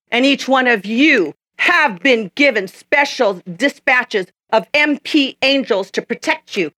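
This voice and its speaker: A woman's voice: high voice, bright, forceful tone. A woman preacher delivering a sermon, emphatic and repetitive as she tells stories.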